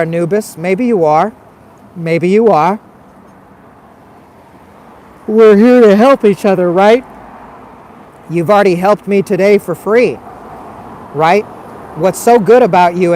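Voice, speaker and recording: A man's voice: high voice, darkish tone. A man hosting a casual livestream, reading viewer comments and arguing back with repeated rhetorical questions. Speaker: livestream host.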